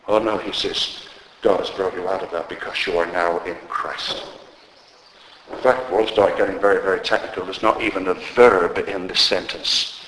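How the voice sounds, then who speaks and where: A man preaching a sermon, emphatic and storytelling, swinging between loud declarations and quiet asides. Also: low-pitched, moderate pace. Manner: storytelling, conversational humour. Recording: roomy hall with long reverb.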